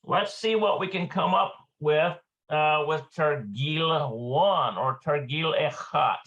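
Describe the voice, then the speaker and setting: A man teaching a live online language lesson, slow and halting, with many filler sounds. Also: fairly high pitch, fairly bright tone, dull audio. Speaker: Hebrew teacher.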